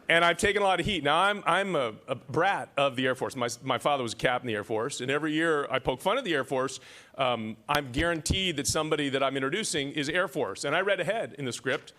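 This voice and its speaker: A man's voice: a little high, bright, forceful tone. A middle-aged man speaking as emcee at an award ceremony, joking and teasing the audience from a podium microphone. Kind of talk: ceremony emcee speech with jokes. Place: large hall at an award ceremony.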